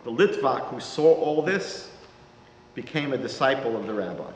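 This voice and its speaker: A man, a rabbi giving a lecture, telling a story in a measured, dramatic way. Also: mid-range voice, lively intonation, a little hiss or hum. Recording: reverberant lecture hall.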